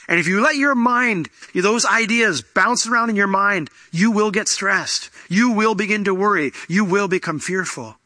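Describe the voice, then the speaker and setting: Male pastor, sermon, very bright tense voice, dry close sound, lively swings in pitch. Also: moderate pace, hardly any pauses, no echo. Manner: animated, acts out quoted voices with big pitch jumps.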